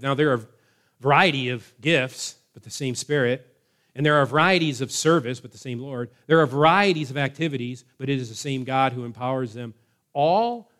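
A man preaching a sermon in a measured way, slowing down to stress key words. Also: mid-range voice, a bit bright. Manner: measured preaching, slows for emphasis. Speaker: pastor.

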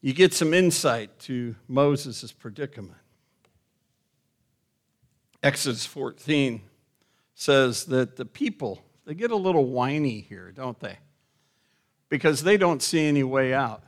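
A middle-aged man preaching a sermon as pastor, asking the congregation questions and rising to loud, emphatic calls. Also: mid-range voice, animated, slow pace, pauses often.

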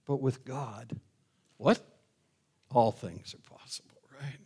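A middle-aged man preaching a sermon as pastor, asking the congregation questions and rising to loud, emphatic calls. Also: mid-range voice, slow pace, slightly rough.

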